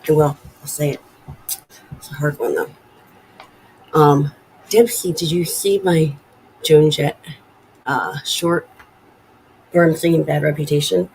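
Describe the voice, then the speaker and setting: A woman's voice: low-pitched, steady tone, measured pace, long pauses, darkish tone, a little hiss or hum, low-quality recording. A woman in her forties hosting a casual live stream from home, rambling and chatty as she reads viewer comments aloud. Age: 40s. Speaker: livestream host.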